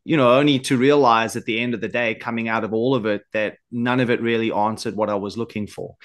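A man with a South African accent hosting a podcast. His voice sits at an ordinary middle pitch. He speaks in a thoughtful, reflective way. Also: steady tone, fast talker. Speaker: podcast host. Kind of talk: casual conversation.

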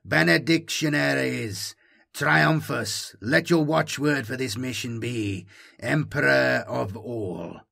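A man voicing a solemn, pious male Inquisitor in an audiobook reading, with a measured, priestly delivery. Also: fairly low pitch, lively intonation, creaky, sharp tone, husky, heavily acted. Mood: proclaiming.

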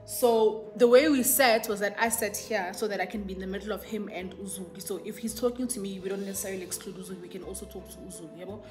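A young South African woman telling a casual storytime, chatty and switching between English and isiZulu. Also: mid-range voice. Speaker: YouTuber.

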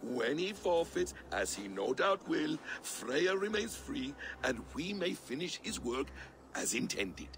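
Sly trickster god in a game, smooth persuasive delivery, gravelly edge. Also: male voice, on the high side, big pitch swings, a little slow, fairly bright tone, slight background noise, heavily acted. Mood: scheming.

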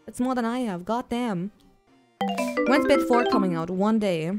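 A young woman livestreaming a VR game in casual chatter, excitable and swearing, with frequent giggles and shrieks. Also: fairly high pitch, measured pace, over loud music. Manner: giggly, jokey rambling. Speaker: streamer. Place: at home, playing in VR.

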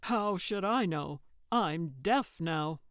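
A woman's voice: lowish voice, lively intonation, takes it slowly, no room sound. A woman voicing an exasperated, dry-witted male sidekick in an audiobook, speaking with weary sarcasm. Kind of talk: audiobook character voice.

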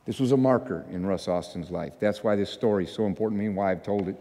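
A man pastor telling a story in a sermon, animated and self-mocking, acting out the people in it. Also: fairly low pitch, fast talker. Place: church sanctuary. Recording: long church hall reverb.

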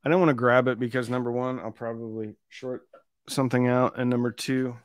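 A man's voice: medium pitch, fairly even intonation, fairly quick, clear, resonant tone, dry recording. Guy rambling about audio gear on his live stream, laid back, pokes fun at himself, dry close sound. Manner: rambling, easygoing, self-deprecating. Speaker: audio channel host. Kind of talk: casual live-stream chat.

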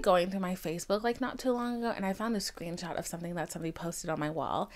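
A woman's voice: on the low side, fast talker, hardly any pauses. A woman in her twenties hosting a podcast, talking casually and candidly, swearing often and acting out the people she quotes. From Haitian family. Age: 20s. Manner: chatty, profane, animated quoting. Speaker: podcast host. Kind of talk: casual confessional monologue.

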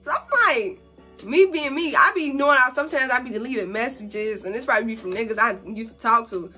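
High, bright-voiced young woman telling a story. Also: a little fast, husky, soft background music. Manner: animated, slangy, acts out quotes in a higher voice. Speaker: beauty vlogger. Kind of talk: casual storytime while doing makeup.

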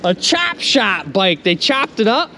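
A man vlogging while magnet fishing from a boat outdoors, excitedly narrating his finds to viewers and exclaiming often. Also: high-pitched, a little slow, vocal fry, a little hiss or hum. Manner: animated, exclaims often, keeps addressing viewers as "you guys".

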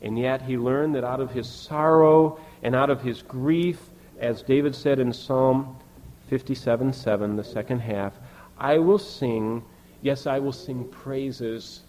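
Male pastor, earnest sermon delivery, swells on key words, drops soft at line ends. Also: medium pitch, unhurried, a little hiss or hum, low-quality recording. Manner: earnest preaching, reading scripture aloud with emphatic rises and soft drops.

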